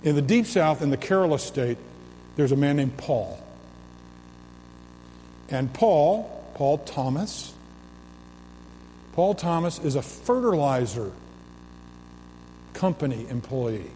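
A man's voice: a little high, mellow, slight background noise. A man preaching a sermon in a church sanctuary, building emphasis through repeated, swelling phrases. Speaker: pastor. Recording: long reverb of a large hall.

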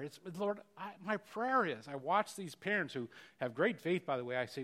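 Emphatic preaching man, fairly high voice. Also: expressive, a little fast, few pauses. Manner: earnest, emphatic preaching with repeated words and sudden loud rises. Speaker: pastor. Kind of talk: sermon.

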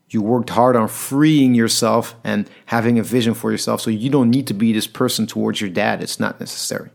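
A man's voice: mid-range voice, creaky, darkish tone. A man telling a personal story to an audience in an earnest, reflective way.

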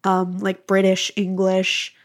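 A woman's voice: medium pitch, monotone, slow. A woman from Wisconsin co-hosting a podcast, chatty and agreeable, laughing often as she talks. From Wisconsin, USA. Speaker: podcast co-host. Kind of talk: casual podcast chat.

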